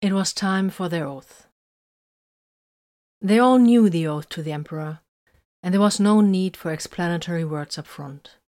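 A woman narrating a story in a steady, measured reading. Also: on the low side. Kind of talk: audiobook narration of fan fiction.

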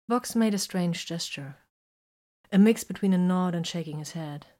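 A woman reading a story aloud in a calm, even storytelling manner. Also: fairly low pitch, moderate pace. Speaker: reader.

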